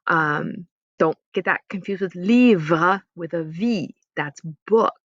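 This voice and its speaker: A woman teaching a casual online French class. She talks chattily and says example phrases slowly so students can repeat them. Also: fairly low pitch, fairly bright tone, no room sound, highs cut off.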